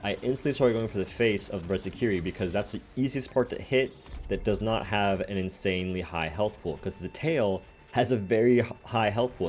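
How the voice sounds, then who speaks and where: A man's voice: lowish voice, darkish tone. A man who hosts a gaming channel, casually explaining his game builds step by step in a voice-over.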